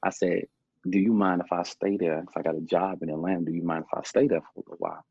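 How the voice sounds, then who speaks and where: A man's voice: low voice, level tone, fast, darkish tone, a little hiss or hum. A young man from Chicago, a podcast guest, telling his life story in a rambling, casual way, repeating himself and often saying "man". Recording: muffled lo-fi podcast audio.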